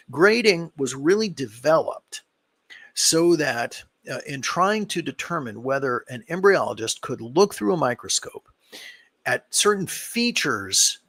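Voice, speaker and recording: A man, a fertility doctor, answering viewer questions on a live stream in a relaxed, explanatory way, full of fillers and sounding tired. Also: mid-range voice, no room sound. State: tired, yawning.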